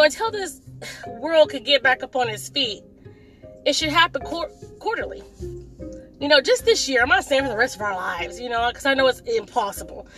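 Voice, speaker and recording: A woman giving a casual opinion monologue while driving, sassy and scolding, with frequent laughs. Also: sits high. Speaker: vlogger.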